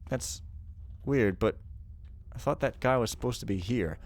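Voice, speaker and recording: A man's voice: medium pitch, measured pace, a little mellow. Rambling jokey gameplay commentator, male. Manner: rambling, jokey, self-mocking. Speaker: let's play host.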